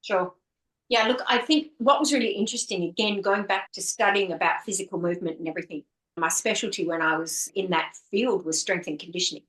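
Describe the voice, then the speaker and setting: A woman's voice: mid-range voice, fairly bright tone, echoey room, rough recording. A woman author speaking as an interview guest, earnest and flowing, often stringing words into lists. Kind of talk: reflective conversational interview.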